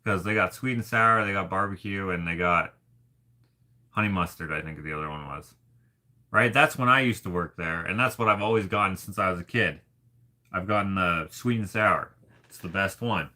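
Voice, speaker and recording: Male artist vlogger, lowish and bright-toned, rambling and self-deprecating. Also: expressive, moderate pace. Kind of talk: casual rambling vlog chat.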